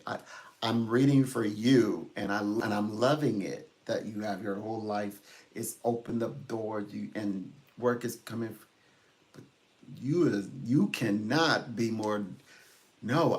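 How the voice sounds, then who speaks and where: Slow-talking man, rambling psychic. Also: lowish voice, darkish tone. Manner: rambling, chuckling often. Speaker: psychic reader. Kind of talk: casual livestream chat.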